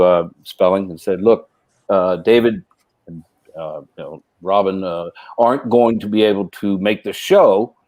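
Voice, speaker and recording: A man's voice: low-pitched, a little mellow, no echo. A middle-aged man, a guest actor, telling long casual anecdotes, rambling with many restarts and fillers.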